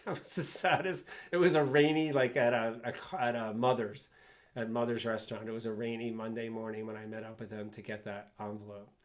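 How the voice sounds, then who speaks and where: A man's voice: on the low side, fairly bright tone. An older man, a guest speaker, telling fond, rambling anecdotes and chuckling along the way. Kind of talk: anecdotal storytelling.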